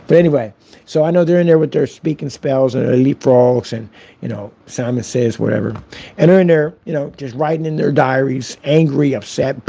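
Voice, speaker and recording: A man ranting to camera in a sarcastic, mocking way, sometimes dropping to a soft whisper as he teases. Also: medium pitch, creaky, husky. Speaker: online seller of projector screen paint.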